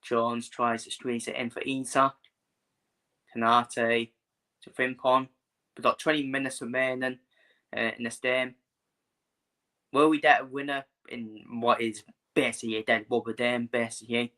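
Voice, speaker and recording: A man's voice: medium pitch, little pitch movement, normal speed, long pauses, pushed and bright. A man hosting a live football watchalong, chatting bluntly and casually, swearing freely and repeating himself.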